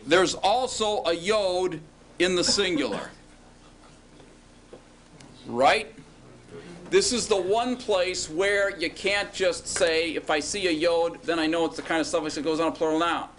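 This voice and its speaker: A man's voice: a little high, a little slow, long pauses, a bit bright, a little hiss or hum. A man teaching a classroom lecture, patiently asking students questions and drawing out words as he explains.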